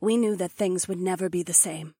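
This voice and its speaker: Male narrator as a soothing young woman, soft and fairly high. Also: fairly quick, slightly rough, dry recording, studio quality. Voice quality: soothing, hushed.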